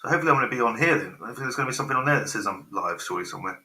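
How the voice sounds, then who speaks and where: Sharp-voiced man in his forties, swearing. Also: mid-range voice, expressive, racing, a little hiss or hum. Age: 40s. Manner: swears freely, distracted by tech trouble. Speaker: live-stream host. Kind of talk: rambling live-stream monologue. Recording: roomy echo.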